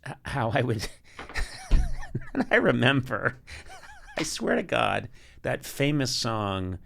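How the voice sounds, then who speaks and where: Bright-voiced middle-aged man telling funny stories. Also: medium pitch, slow pace, vocal fry, slight background noise. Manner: animated, laughs often, voice rises loud when excited. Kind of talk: comic storytelling chat.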